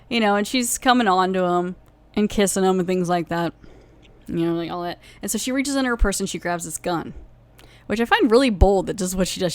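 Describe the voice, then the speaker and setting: A woman's voice: medium pitch, no room sound. Rambling woman recapping an episode. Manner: rambling, full of "like" and "you know", self-correcting. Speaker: podcast host reviewing a TV episode. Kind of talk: casual recap.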